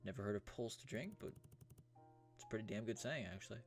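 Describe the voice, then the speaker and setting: A man's voice: lowish voice, expressive, fast talker, soft background music. A man casually commenting as he plays through a game, joking, self-deprecating and swearing freely. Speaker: let's player.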